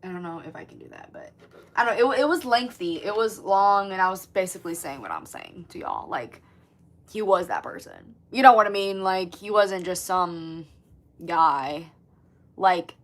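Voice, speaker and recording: A woman in her twenties with a fairly low voice hosts a casual livestream at a moderate pace. She's chatty and animated, reading viewers' comments, swearing often, and saying "like" constantly.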